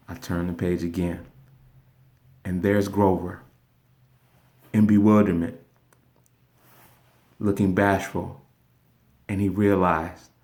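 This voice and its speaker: Streaming live from his phone, a motivational speaker tells a story as a lesson in an earnest yet casual talk. His voice is lowish and a little mellow.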